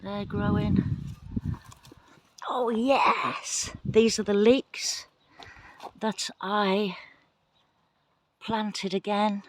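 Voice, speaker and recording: A woman giving a casual tour of her garden plot outdoors in the wind, talking excitedly and apologetically into a handheld phone camera. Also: medium pitch, drawn-out words, long pauses. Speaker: gardening vlogger.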